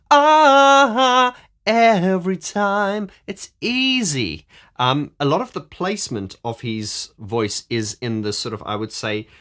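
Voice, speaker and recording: A man's voice: medium pitch, a bit bright. A male vocal coach talking casually through a singer's technique, rambling with frequent restarts and breaking off to sing examples. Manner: rambling with many restarts, breaks into sung demonstrations. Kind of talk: casual analytical monologue about singing.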